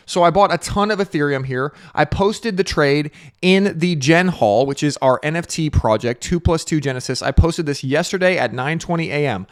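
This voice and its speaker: Fast-talking man in dry close audio. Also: fairly high pitch, no room sound. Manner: energetic, repetitive, frequent "right?" tags. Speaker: crypto trading show host. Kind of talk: casual market commentary to camera.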